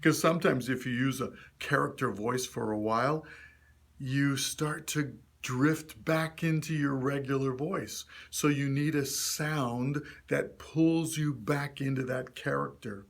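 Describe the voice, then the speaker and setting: A man's voice: medium pitch, fairly even intonation, measured pace, creaky. A man teaching puppet character voices to a group, demonstrating sounds and cheering learners on. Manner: encouraging, demonstrates voices then asks learners to try. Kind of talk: instructional talk to a group.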